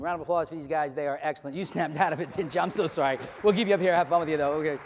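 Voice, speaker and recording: A man hypnotizing volunteers on stage, rattling off rapid, repetitive suggestions. His voice sits fairly high and the pace is very quick. It rings out through a large hall with a lingering echo. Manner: commanding, playful with volunteers. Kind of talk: live hypnosis stage show. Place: large hall before an audience. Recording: echoey hall, live stage.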